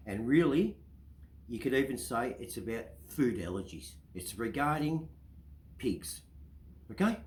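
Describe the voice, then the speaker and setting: A man's voice: mid-range voice, lively intonation, normal speed, a little mellow, roomy sound, rough recording. A man with an Australian accent, hosting his own show and telling a long story in a casual, rambling way, often checking in with "right?". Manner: chatty, keeps asking "right?". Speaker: storyteller host.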